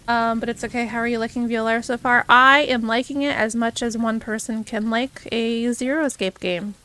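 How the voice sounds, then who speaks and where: Live on stream, a young variety streamer cheerfully chats with her viewers, welcoming them by name and laughing often. Her voice is a little high and a bit bright.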